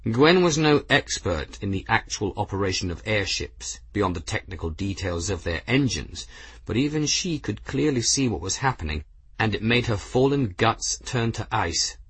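Man, audiobook narrator, measured reading, husky voice, dry close sound. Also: on the low side, expressive, fairly bright tone, dry recording. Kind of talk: scripted narration.

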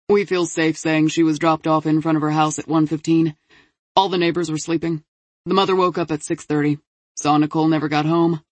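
A woman's voice: low-pitched, no room sound. A woman voicing a male detective briefing his team in a matter-of-fact tone. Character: male detective reporting case findings.

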